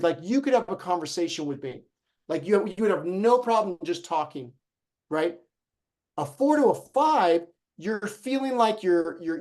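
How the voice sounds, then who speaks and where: A man teaching a live online fitness class, talking straight to his group in an energetic, encouraging way. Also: fairly high pitch. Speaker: fitness instructor.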